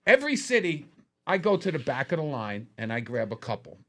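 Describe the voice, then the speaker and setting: With a slightly high voice and a fairly quick pace, this comedian guest spins casual stories on a podcast. He's an animated teller who performs the quotes of others in a raised voice.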